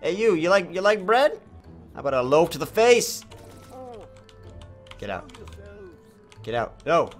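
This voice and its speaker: Young male gamer, higher than average voice, animated comedic play-by-play with cursing outbursts. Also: a little slow, long pauses, faint music behind. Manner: loud swearing outbursts and joking asides. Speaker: gaming YouTuber. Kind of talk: comedic gameplay commentary.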